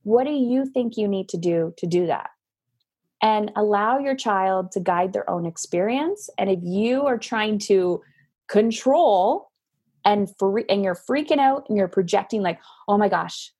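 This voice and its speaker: A middle-aged woman, a parenting coach guesting on a podcast, telling stories in a lively, casual way over a video call. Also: medium pitch, moderate pace, husky. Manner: animated storytelling with acted quotes. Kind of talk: casual interview talk.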